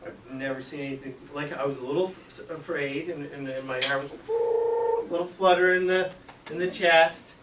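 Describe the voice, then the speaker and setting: A middle-aged man, a school superintendent, telling a childhood story in an animated way, acting out voices and sound effects. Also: fairly high pitch, moderate pace. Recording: echoey room, distant mic, faint hiss.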